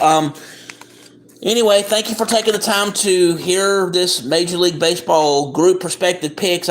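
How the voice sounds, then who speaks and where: A man talks casually as the host of a livestream, in a voice pitched a little high. He reads through a list at an easy pace, often filling gaps with ums and repeating himself. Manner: plain, unhurried, with frequent ums and repeats. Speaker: livestream host making baseball picks.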